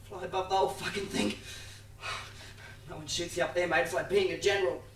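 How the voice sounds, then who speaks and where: An actor playing a naive young Australian country soldier with a blunt, crude way of talking, in a stage play heard from far off. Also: male voice, high voice, fairly even intonation, brisk, fairly bright tone. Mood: easygoing. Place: theatre stage. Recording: roomy theatre sound from far off, faint noise.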